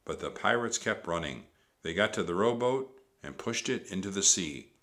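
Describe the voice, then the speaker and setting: A man reading a children's storybook aloud with animated delivery. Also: sits low, normal speed. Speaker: narrator.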